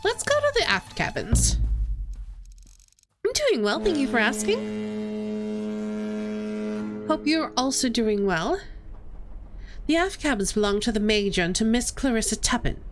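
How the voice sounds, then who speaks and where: A woman's voice: fairly high pitch, sing-song, a little slow, pauses often, music in the background. A young woman streamer, chatty, reading game text aloud and talking to viewers. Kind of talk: casual game playthrough narration.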